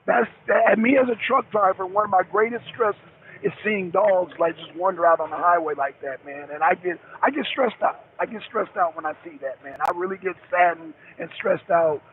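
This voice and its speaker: A man's voice: high-pitched, moderate pace, hardly any pauses. A middle-aged man, a truck driver, calling into a talk show, rambling and repeating himself, cursing heavily as he talks. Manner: rambling, repetitive, heavy cursing. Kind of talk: call-in talk show chat. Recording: tinny phone line with faint hiss.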